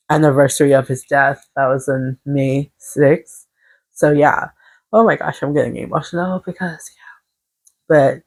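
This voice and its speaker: A woman giving a casual tarot reading, earnest and encouraging, rambling with halting restarts. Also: sits low, darkish tone. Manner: earnest, encouraging self-help tone. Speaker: tarot reader.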